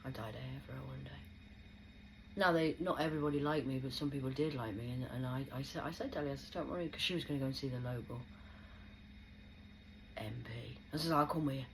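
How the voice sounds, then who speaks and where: A woman's voice: extremely low pitch, fast, long pauses, a little hiss or hum, low-quality recording. A woman venting in an agitated, rambling monologue to camera, swearing often, from a small rented room. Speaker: vlogger. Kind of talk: unscripted angry monologue to camera.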